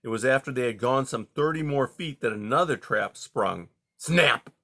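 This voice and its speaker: A man narrating a children's novel in a steady, measured reading style. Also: medium pitch, creaky. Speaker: audiobook reader. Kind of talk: storybook narration.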